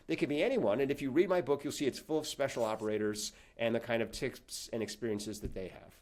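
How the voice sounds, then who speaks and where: A man, a professor and author, answering interview questions as an animated storyteller who acts out the people he quotes. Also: mid-range voice.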